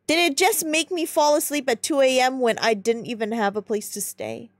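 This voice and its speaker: A young woman giving casual let's-play commentary, excitable, squealing in delight and swearing when startled. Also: sits high, moderate pace, few pauses, no room sound. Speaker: gamer streamer.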